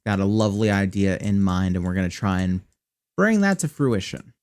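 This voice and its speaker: A man's voice: low voice, animated, normal speed, a little mellow. A man chatting wryly through casual live gameplay commentary, swearing when annoyed, on a close desk mic run through a voice changer app. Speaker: streamer.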